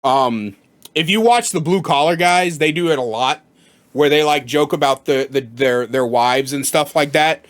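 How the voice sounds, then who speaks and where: A man's voice: on the high side, moderate pace. A man giving blunt, profane reaction commentary, rambling and repeating himself as he makes his points.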